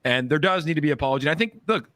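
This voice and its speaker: A man's voice: a little high, animated, very fast, fairly bright tone, dry recording, clean studio sound. A man hosting a casual livestream chat, talkative and opinionated, often ending his points with "right?". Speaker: host.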